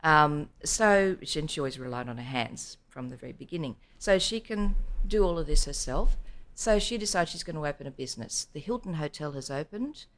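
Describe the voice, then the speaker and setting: Low-voiced woman telling stories. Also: fairly quick, hardly any pauses. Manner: animated storyteller who acts out quotes. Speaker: guest. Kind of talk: podcast interview storytelling.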